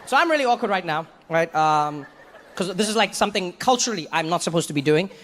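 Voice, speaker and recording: A man's voice: sits high, fast, big-room sound. A man from Africa telling a long funny story on stage and jumping into voices as he goes. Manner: animated storytelling with frequent voice act-outs. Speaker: stand-up comedian. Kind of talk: stand-up storytelling. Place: comedy club stage.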